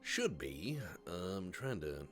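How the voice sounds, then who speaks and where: A man's voice: low-pitched, slow pace, faint music behind. Joking man hosting a gaming chat. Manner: joking, swears, animated asides. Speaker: host of a gaming show.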